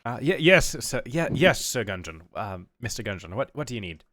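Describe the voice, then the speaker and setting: A man's voice: mid-range voice, big pitch swings, normal speed, a bit bright, no room sound, clean studio sound. A man voicing a nervous, stammering male servant. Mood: flustered. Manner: stammering, flustered.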